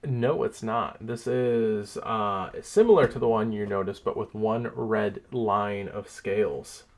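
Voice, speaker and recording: A man's voice: fairly low pitch, measured pace. Man running a tabletop game. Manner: relaxed, with fillers. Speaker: game master.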